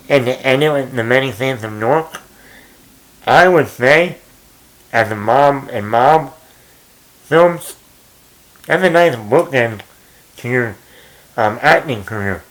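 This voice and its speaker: A man hosts his own movie talk in a loose, casual way. He rambles, fills pauses and restarts his sentences, at an ordinary mid pitch. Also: a bit bright, poor audio. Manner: rambling, many fillers and restarts. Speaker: movie commentary host.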